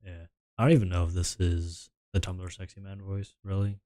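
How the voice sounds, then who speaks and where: A man's voice: low-pitched, little pitch movement, moderate pace, dark tone, no room sound, studio quality. A male streamer chatting casually and meandering, often mumbling and trailing off. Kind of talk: casual livestream chat.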